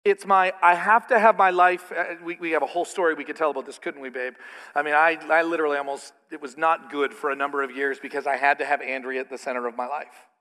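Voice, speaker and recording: A middle-aged man preaching a sermon as pastor, animated, slipping into mocking asides. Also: fairly high pitch, fast talker. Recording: reverberant hall.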